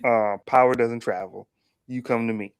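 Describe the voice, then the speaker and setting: A man co-hosting a casual TV review discussion, animated and repeating himself as he makes his point. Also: mid-range voice, normal speed, clean tone, dry recording. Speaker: podcast co-host.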